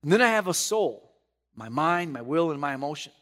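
A middle-aged male pastor preaching with a high, ringing voice. He moves from hushed, reflective passages to loud, animated bursts as he reads scripture and drives his points home. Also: brisk. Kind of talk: sermon.

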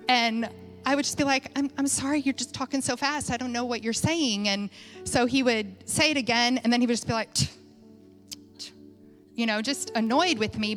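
A woman with a slightly high voice tells a story from the pulpit, talking casually and stopping often to restart her sentences. Soft music plays faintly behind her. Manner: chatty, conversational, many fillers and restarts. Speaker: church speaker. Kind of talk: sermon storytelling.

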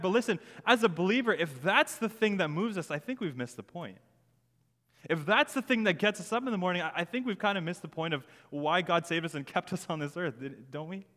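A man's voice: high voice, fairly bright tone, in a large hall. A young man preaching a sermon as pastor, earnest and prone to repeating words as he builds a point.

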